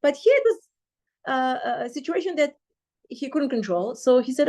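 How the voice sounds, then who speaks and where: A woman teaching a Torah class, retelling a story with lively acted-out dialogue. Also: high voice, normal speed. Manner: animated retelling, acting out quoted dialogue.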